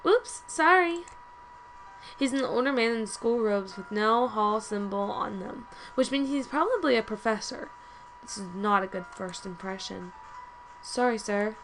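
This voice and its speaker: A woman's voice: mid-range voice, moderate pace, fairly bright tone, a little hiss or hum, low-quality recording. A woman reading a story game aloud with chatty asides, often stumbling and correcting herself. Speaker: let's play host.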